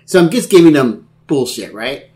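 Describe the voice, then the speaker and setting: A podcast co-host chats casually, telling stories with animation and acting out what people said. His voice is on the high side, at a moderate pace.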